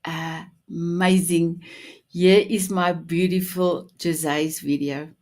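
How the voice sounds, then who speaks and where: A woman in her fifties with a non-native English accent, hosting a talk show with effusive, direct warmth toward her audience. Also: on the low side, fairly even intonation, slow pace. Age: 50s. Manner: effusive, addresses audience directly, leads breathing exercise. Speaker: show host. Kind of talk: enthusiastic talk show opening.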